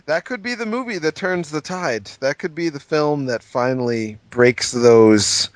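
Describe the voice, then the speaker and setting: A man's voice: a little high, a little slow, few pauses, no room sound. A man co-hosting a comedy podcast, reacting with dry, wry quips and bursts of laughter. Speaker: podcast co-host. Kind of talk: casual comedic chat.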